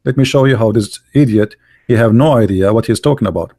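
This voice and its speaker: A man giving combative religious commentary while reading from texts, mocking and arguing, often pausing with fillers as he hunts for pages. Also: on the low side, dark tone, no echo, clean studio sound. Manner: mocking, insulting and argumentative; halting, with many fillers while searching pages.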